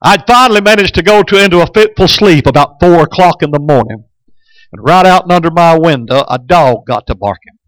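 A man's voice: fairly high pitch, a little fast, no echo, rough recording. A man preaching a sermon as a pastor, telling stories in a folksy way and often hesitating. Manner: folksy storytelling with frequent hesitations.

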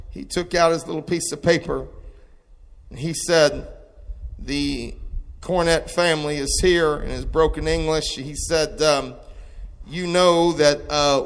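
A man preaching a testimony sermon, moving between quiet storytelling and shouted exclamations. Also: a little high. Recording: long hall reverb.

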